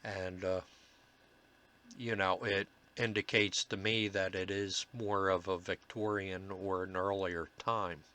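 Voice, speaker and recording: Slow, halting man with a bright tone. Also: low voice, flat delivery. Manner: halting, many filler pauses. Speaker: paranormal investigator. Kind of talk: narrated commentary over recordings.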